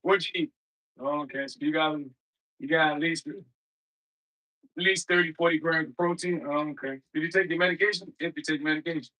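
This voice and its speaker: A man with a high voice chats on his livestream, loose and slangy, drifting from thought to thought. His tone is bright and forward. He keeps breaking off to greet viewers in the chat by name. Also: steady tone, a little fast, rough recording. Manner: rambling, talks straight to viewers in chat; loose, slangy everyday speech. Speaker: livestream host.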